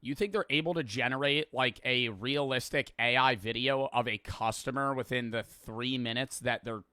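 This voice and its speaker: A man's voice: medium pitch, normal speed, bright, forceful tone, no echo. A young man streaming, reacting to a prank video with blunt, jokey, foul-mouthed commentary on a close mic. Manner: blunt, swears freely, jokey.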